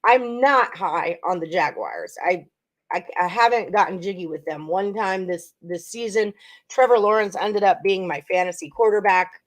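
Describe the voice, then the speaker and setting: A woman's voice: mid-range voice, expressive, normal speed. A woman hosting a casual sports betting livestream, chatting in a rambling way with frequent ums and laughs. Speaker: sports betting show host.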